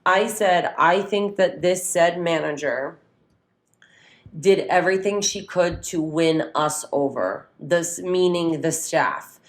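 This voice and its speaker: A woman with a somewhat low voice co-hosting a casual podcast. She tells stories at length, acting out the lines of the people in them. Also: slow. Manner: storytelling, animated retelling with quoted voices. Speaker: podcast co-host. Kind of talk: casual chat.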